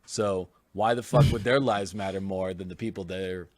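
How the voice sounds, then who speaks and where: A low-voiced man talks bluntly and swears often while arguing his point in a casual podcast chat. The sound is dry and close, with no room around it. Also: steady tone, normal speed, no echo. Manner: blunt, profane, argumentative. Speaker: podcast co-host.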